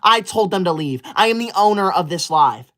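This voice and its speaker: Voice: medium pitch, animated, moderate pace, fairly bright tone, lightly acted. A performer playing a prim young livestream host who scolds viewers and insists on rules about school. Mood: scolding. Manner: indignant, scolding, self-important. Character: prim bossy young streamer obsessed with school. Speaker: livestream host reading super chats. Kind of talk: comedic character livestream.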